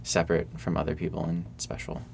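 A young man from Michigan, a student songwriter, answering interview questions casually in a soft, hesitant way full of fillers. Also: low-pitched, monotone, fast, creaky, slight background noise. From Michigan, USA. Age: young adult.

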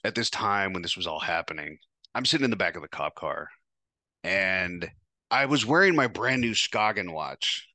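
A man's voice: low voice, lively intonation, moderate pace, bright, forceful tone, dry recording. A man hosting a podcast, telling a first-person story in a casual, profane, wry way. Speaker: podcast host.

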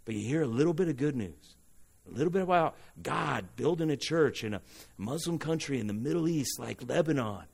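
A man from Southern California, preaching a sermon, animated and asking the congregation for responses. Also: mid-range voice, a little fast, vocal fry, slightly rough. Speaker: pastor.

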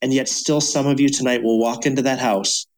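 A man's voice: medium pitch, steady tone, brisk. Emphatic male leadership speaker. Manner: emphatic, acts out dialogue. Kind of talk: storytelling podcast guest.

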